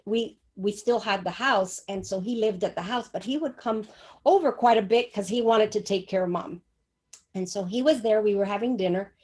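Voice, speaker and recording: An older woman giving a personal testimony in church, telling her story emphatically and acting out the dialogue. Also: mid-range voice. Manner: animated, acts out dialogue, emphatic.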